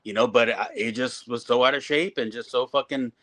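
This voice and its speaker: Profane middle-aged wrestling trainer talking shop. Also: male voice, medium pitch, brisk. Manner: profane, animated storytelling. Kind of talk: casual podcast chat.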